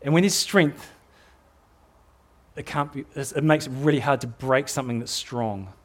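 A man's voice: medium pitch, moderate pace. A middle-aged man with a New Zealand accent preaching a sermon in an earnest, exhorting way, often repeating words as he builds a point.

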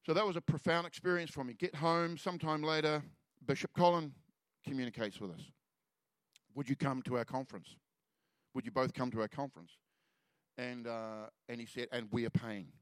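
A man telling a personal story in a sermon, earnest and halting, often trailing off softly before lifting into exhortation. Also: medium pitch, clean tone, no echo. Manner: earnest storytelling, halting restarts, soft drops in volume. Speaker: preacher. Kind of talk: sermon testimony.

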